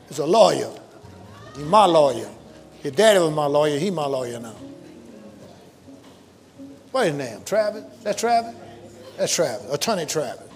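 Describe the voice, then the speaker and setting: High-voiced preacher shouting call-and-response. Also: male voice, big-room sound. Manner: folksy, joking asides to the congregation. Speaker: pastor. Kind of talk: sermon. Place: church sanctuary.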